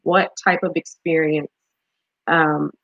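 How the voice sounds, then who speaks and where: A woman's voice: low-pitched, steady tone, takes it slowly, creaky, fairly bright tone, no echo, highs cut off. A woman hosting an interview, asking questions and sharing her views in an encouraging, conversational way. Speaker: interview host. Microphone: video call.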